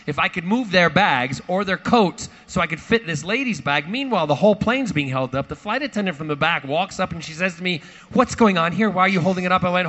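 A man telling a lively anecdote to a live audience, theatrical and acting out quoted voices. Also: sits high, brisk, hardly any pauses. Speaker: actor at a fan panel.

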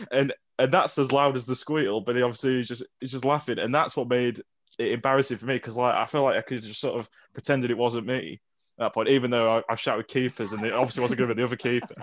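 A man's voice: mid-range voice, no room sound. A man in the middle of his range tells a story on a podcast, stopping and restarting and poking fun at himself. The sound is close and dry. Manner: hesitant, self-deprecating, many fillers. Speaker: podcast co-host. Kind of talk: casual storytelling chat.

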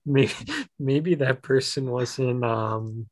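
A woman's voice: extremely low pitch, steady tone, drawn-out words, darkish tone, no echo. A woman English teacher hosting a casual chat about sayings, asking questions and laughing often. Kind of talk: casual conversational lesson.

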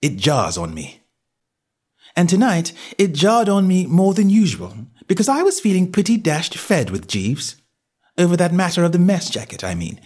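A man's voice: mid-range voice, breathy edge. A man narrating a comic novel in the first person, with jaunty, wry storytelling and varied character voices. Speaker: audiobook narrator.

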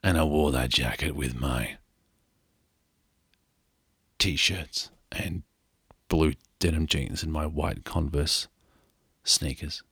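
A man's voice: extremely low pitch, fairly even intonation, slow, pauses often, fairly bright tone, breathy edge, no echo. A middle-aged man with an Australian accent tells a rambling travel story in a casual monologue, joking at his own expense. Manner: rambling, joking, self-mocking.

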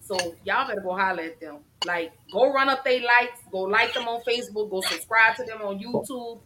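A woman hosting a casual live-streamed mental health talk show, chatty and effusive, shouting out viewers. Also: mid-range voice, normal speed, background noise.

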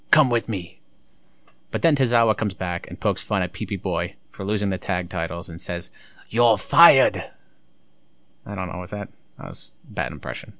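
A man's voice: low-pitched, a bit bright, no echo. A man recapping a wrestling show in casual commentary, blunt, sarcastic and swearing freely.

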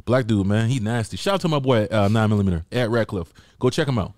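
A man's voice: on the low side, lively intonation, fast, darkish tone, no echo, clean studio sound. A man co-hosting a casual fight-sports podcast, brash and profane, teasing his partner. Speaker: podcast co-host. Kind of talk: casual MMA podcast chat.

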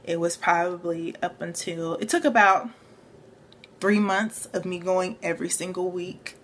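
A woman's voice: fairly low pitch, fairly even intonation, a little slow, fairly bright tone, slight background noise. A young adult woman sharing a personal faith and therapy story in an earnest, reflective way, with many fillers. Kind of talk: personal testimony.

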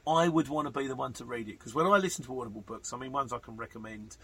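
A man's voice: medium pitch, quick pace, fairly bright tone, slight background noise. A man hosting a podcast, chatting casually and rambling through listener messages with plenty of fillers. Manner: chatty, rambling, matter-of-fact with frequent fillers. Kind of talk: casual chat.

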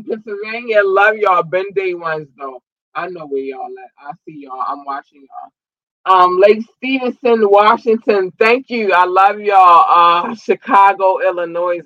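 A man from Maryland hosts a livestream, giving his listeners casual, effusive shout-outs and often breaking into excited shouts. His voice is high, and the recording is muffled but free of echo.

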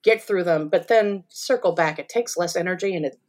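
A woman's voice: lowish voice, fairly quick, a little mellow. A woman, a stage actress, telling stories in a casual interview with easy laughter. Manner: chatty, laughing storyteller.

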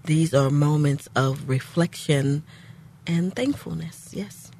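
A woman's voice: sits low, warm tone, slight background noise. Woman hosting a faith radio chat in the studio, earnest and heartfelt, chimes in with amens. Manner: earnest and heartfelt, quick to affirm. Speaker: radio show host. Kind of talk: faith-based casual chat. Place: recording studio.

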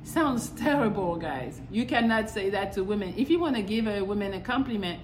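A woman's voice: mid-range voice, animated, brisk, slight background noise. A young adult woman hosting a podcast, talking in a blunt, exasperated, profane casual monologue. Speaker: podcast host. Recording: echoey room with faint ambience.

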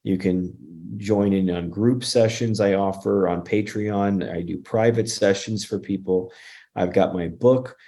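Deep voiced guy, dark tone, earnest interview guest, stops and restarts a lot. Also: fairly even intonation. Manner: earnest, halting, many restarts. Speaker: paranormal investigator guest. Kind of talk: casual interview chat.

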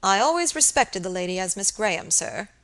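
A proper village surgeon, voiced by a woman reading aloud in a Victorian audiobook. He speaks formally and stiffly, pitched in the middle range. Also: animated, brisk, fairly bright tone. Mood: formal, indignant. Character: respectable older male village surgeon, proper and indignant.

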